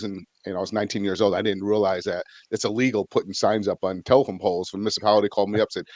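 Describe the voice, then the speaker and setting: A man's voice: fairly low pitch, fairly even intonation, rapid-fire, few pauses, darkish tone, no echo. A middle-aged man from Vermont, a real estate investor guest, telling his story in a rambling way with many fillers. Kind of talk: casual storytelling interview.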